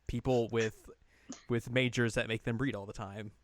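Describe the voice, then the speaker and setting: Smooth-voiced jokey male podcast co-host. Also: mid-range voice, fairly even intonation, moderate pace. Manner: jokey, laughs often, many fillers. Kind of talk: casual chat.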